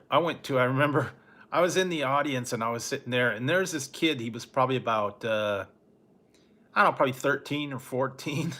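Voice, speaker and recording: A middle-aged man hosting a late-night live stream, telling a rambling, laid-back story with soft chuckles and answering chat. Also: mid-range voice. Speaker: food review channel host.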